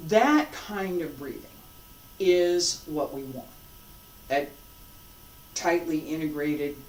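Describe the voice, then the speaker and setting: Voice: mid-range voice, a little mellow, slight background noise. A martial arts instructor teaching a class, calling out breathing cues and checking in with casual "all right?" and "okay?" as they demonstrate. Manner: calls out breathing cues slowly. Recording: roomy sound, distant from mic.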